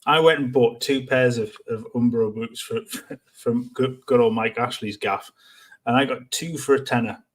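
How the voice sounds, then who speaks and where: A man co-hosts a relaxed football fan stream at a middle pitch. He is easygoing and laughs as he talks. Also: normal speed. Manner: easygoing, laughs while talking. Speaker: co-host. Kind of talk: casual football chat.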